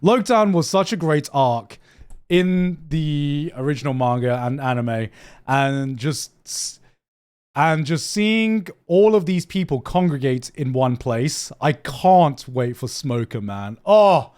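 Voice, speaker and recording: A young man chatting casually on a live stream, excitable, swearing freely and often repeating himself as he reacts. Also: fairly high pitch, slow pace, clear, resonant tone. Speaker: streamer reacting to anime news.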